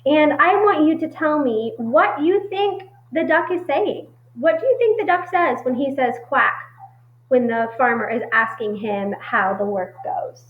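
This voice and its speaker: A woman teacher giving a recorded reading lesson to children, explaining in a friendly way with frequent pauses and fillers. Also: sits high, expressive. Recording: echoey muffled room recording.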